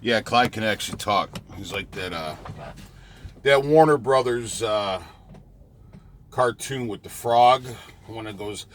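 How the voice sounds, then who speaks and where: A man's voice: lowish voice, slow, long pauses, no room sound. A man who drives a truck, chatting casually in a rambling vlog with many fillers and restarts, parked near a truck stop.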